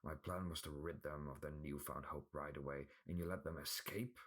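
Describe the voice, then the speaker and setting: A man voicing a furious male dark wizard with a dark voice, speaking slowly and with menace in a storybook reading. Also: extremely low pitch, fairly even intonation. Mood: menacing. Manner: slow, menacing.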